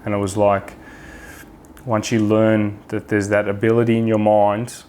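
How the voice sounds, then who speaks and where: A man's voice: on the low side, completely flat delivery, a little slow, darkish tone, a little hiss or hum. A man with an Australian accent, a podcast guest talking frankly in casual chat, swearing freely and restarting his sentences often.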